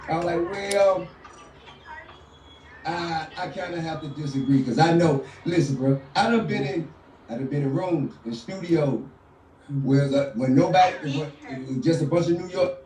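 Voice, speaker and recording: A man tells a story in a relaxed interview. His delivery is loose and drawling. He sounds distant, with a roomy echo and faint hiss around him. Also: fairly high pitch, moderate pace. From Southern United States. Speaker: interview guest. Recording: echoey clip from a distance.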